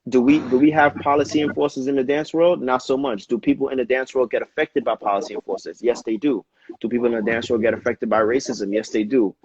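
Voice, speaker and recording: A man in casual conversation, telling history in an animated, slangy way, often dropping "yo" and "you know what I mean.". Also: medium pitch, fast talker, slightly rough, no echo. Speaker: dancer and podcast co-host. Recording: slightly dull lo-fi audio with faint noise.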